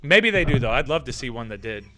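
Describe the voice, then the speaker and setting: Bright-voiced man ranting on a live stream. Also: medium pitch, big pitch swings, quick pace. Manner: profane, ranting, reads out chat comments. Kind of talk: casual rambling live-stream chat.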